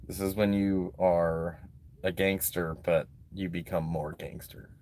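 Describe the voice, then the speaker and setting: A man's voice: low-pitched, flat delivery, measured pace, darkish tone. A man chatting casually on a live stream from a beach, rambling and laid-back with lots of "like" and "um". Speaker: livestreaming vlogger. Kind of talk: casual live-stream chat reading donations. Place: at a beach, outdoors.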